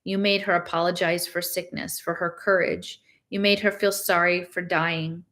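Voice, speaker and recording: A woman's voice: fairly low pitch, level tone, normal speed. A woman reading as a bitter grieving father. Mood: accusing. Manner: sarcastic, then shouting and sobbing. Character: bitter grieving father, middle-aged man, tall and thin. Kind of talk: read-aloud novel dialogue.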